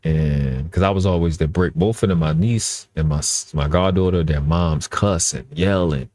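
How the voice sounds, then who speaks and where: A man's voice: deep voice, normal speed, a little mellow, dry recording, clean studio sound. A man talking earnestly in casual live-stream chat, often restarting and repeating his phrases.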